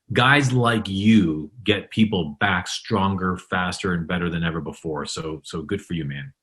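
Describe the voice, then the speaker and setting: A man's voice: sits low, fairly bright tone. A man hosting an interview, talking in a motivational way and often repeating words as he builds his point. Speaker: podcast host. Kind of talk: conversational interview.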